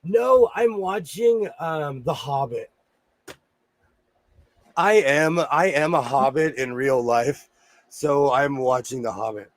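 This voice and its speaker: A man's voice: a little high, slow, dry recording. A man hosting a casual livestream from his home sewing room, chatting and cheerfully greeting viewers by name.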